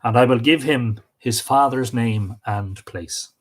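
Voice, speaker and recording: A man's voice: medium pitch, unhurried, lightly acted. A man voicing a heroic leader of a legendary warrior band in a myth retelling, speaking in a solemn, declaiming way.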